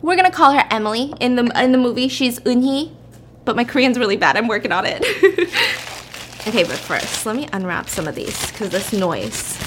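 A woman's voice: on the high side, very animated, normal speed, background noise. A woman chatting and laughing as she retells a story while cooking in a home kitchen. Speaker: vlogger.

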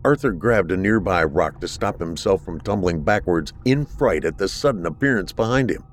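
Man, very low voice, lively intonation, horror story narration, faint background noise. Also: moderate pace.

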